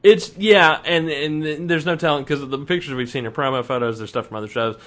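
A man's voice: on the high side, a little fast, fairly bright tone. A man co-hosting a casual fan podcast, talking in a chatty, rambling way with frequent restarts. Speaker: podcast co-host.

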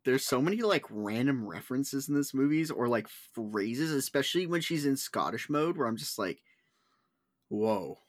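A man's voice: mid-range voice, expressive, normal speed, hardly any pauses, no echo. A man talking casually about a film, rambling and restarting with lots of fillers.

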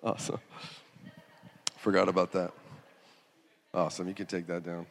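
A man preaching a sermon. He talks in an animated way, laughs, and acts out quotes in sudden loud, high bursts. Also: normal speed, vocal fry. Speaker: pastor. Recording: reverberant hall.

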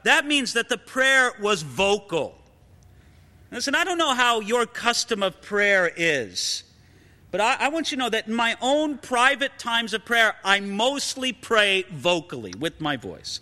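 A man preaching a sermon with a high, very bright, ringing voice. He speaks earnestly and builds emphasis as he goes. A long reverb trails behind his words. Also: very animated, moderate pace. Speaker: pastor.

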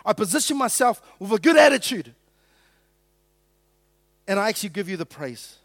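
A middle-aged man preaches to his congregation in a high, light voice. He talks like he is chatting, jokes and acts out little quotes. The sound is close and dry. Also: very animated, normal speed, gravelly, dry recording. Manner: conversational, joking with the congregation, acting out quotes. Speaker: pastor. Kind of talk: sermon.

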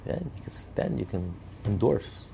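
Gravelly, dark-voiced man speaking emphatically. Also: lowish voice, very animated, normal speed, soft background music. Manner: emphatic, repetitive rhetorical lists. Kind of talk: impassioned political commentary.

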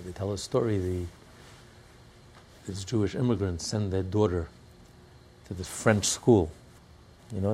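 A man teaching a religious text class, telling stories and breaking into shouts and laughter. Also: on the low side, breathy edge. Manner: storytelling, bursts into shouts and laughter. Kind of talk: animated Torah class with storytelling.

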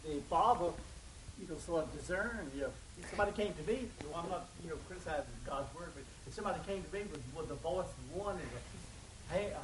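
A man's voice: on the high side, lively intonation, fast talker, pauses often, slightly rough, poor audio. A man in a class discussion, thinking aloud hesitantly with many fillers. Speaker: class participant. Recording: heard from across the room.

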